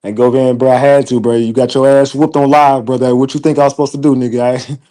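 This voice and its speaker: A man hosting an online show, giving casual livestream commentary in an animated, profane, laughing storyteller's way. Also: mid-range voice, fast talker.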